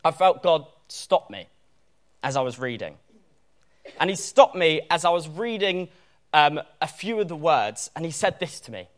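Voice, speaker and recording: A young man preaching a sermon, animated and joking about himself, leaning hard on key words. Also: fairly high pitch, moderate pace. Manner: animated, self-deprecating humour, stresses key words.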